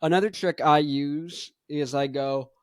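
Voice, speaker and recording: A man's voice: on the high side, steady tone, a little slow, dry recording. A young man hosting a show, chatting casually about singing technique in a rambling way full of fillers, with a stuffed-up nose. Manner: rambling, loose, many "like" fillers. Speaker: host.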